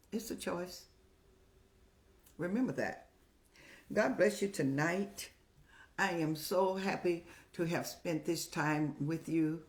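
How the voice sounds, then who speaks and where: An older woman hosting a show, giving motherly, preachy advice in a folksy way and telling stories with lively rises in pitch. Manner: folksy, preachy, calls listeners child; animated storytelling with rising pitch. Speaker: host answering viewer questions.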